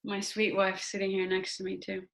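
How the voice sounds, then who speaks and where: Gentle woman hosting a memorial call. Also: medium pitch, completely flat delivery, moderate pace, creaky. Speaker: memorial organizer and host. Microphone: video call.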